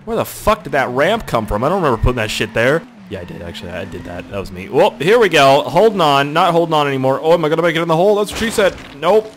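Excitable young man narrating his gameplay. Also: fast talker, hardly any pauses, a little hiss or hum. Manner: excitable, swearing, sudden high-pitched yelps. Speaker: gaming channel host. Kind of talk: let's play commentary.

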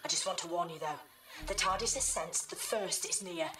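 A woman's voice: mid-range voice, wildly swooping pitch, moderate pace, gravelly, far from the mic, low-quality recording. A woman playing a female time-traveling hero in a video game, telling an earnest story and giving urgent warnings. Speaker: game character. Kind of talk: game voice acting. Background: game music.

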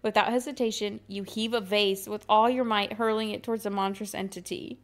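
A woman's voice: medium pitch, steady tone, brisk. A woman podcast co-host reading an interactive horror story aloud, dramatic and amused, breaking into chat with her co-host.

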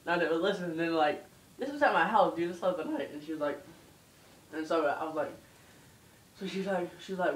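A man's voice: high-pitched, animated, fairly quick, a bit bright, a little hiss or hum. A groggy young man, loopy after dental anesthesia, rambling and giggling through a slurred story. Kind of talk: casual home video rambling. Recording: echoey room, far from the mic.

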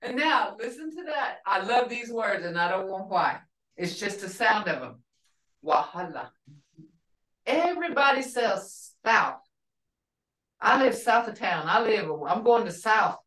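A woman's voice: mid-range voice, sing-song, measured pace, fairly bright tone. Older lady teacher rambling thru a story, sounds far off the mic in a roomy class. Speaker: language instructor.

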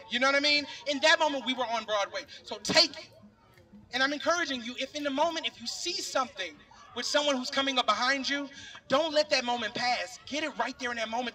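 At an outdoor rally, a middle-aged man delivers an impassioned, earnest speech, casually addressing the crowd as "y'all." His extremely high voice is bright and forceful, picked up from a distance.

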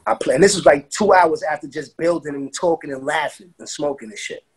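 A man from Brooklyn telling an animated, profane story in a casual interview and acting out what people said. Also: on the high side, a little fast, breathy edge. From Brooklyn, New York. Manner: animated, profane street talk, acts out quotes. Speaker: interview guest, music producer.

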